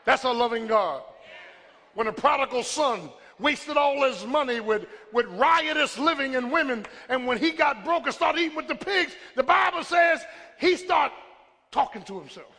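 Male preacher, piercing high voice, shouting repeated calls for a witness, church hall reverb. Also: expressive, normal speed. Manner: rhythmic repetition, builds to shouting. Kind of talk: sermon. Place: church sanctuary. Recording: long hall reverb with congregation.

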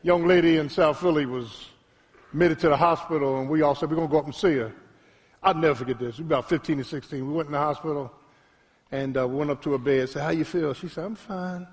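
A man preaching a sermon as pastor, trading calls with the congregation and swinging between quiet storytelling and shouted peaks. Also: steady tone, fast talker. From Philadelphia. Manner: preaching with call-and-response, rising to shouts; drops to a low, quiet storytelling voice. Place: church sanctuary. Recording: long hall reverb in a church.

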